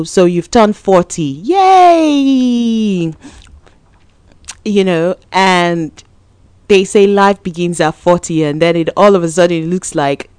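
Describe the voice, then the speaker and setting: A woman giving a conversational motivational talk. She repeats words for emphasis and grows animated and laughs when she tells stories. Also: lowish voice, dry recording. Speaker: motivational speaker.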